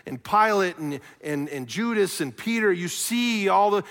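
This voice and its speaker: A man preaching a sermon as pastor, earnest, swinging from loud questions to quiet, soft passages. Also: high voice, animated, a little slow, long reverb tail. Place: church sanctuary.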